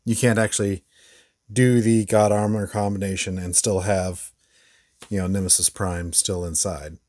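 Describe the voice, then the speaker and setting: A man's voice: lowish voice, fairly even intonation, moderate pace, darkish tone. A man hosting a casual toy review, rambling with frequent fillers and short laughs. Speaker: toy reviewer, channel host.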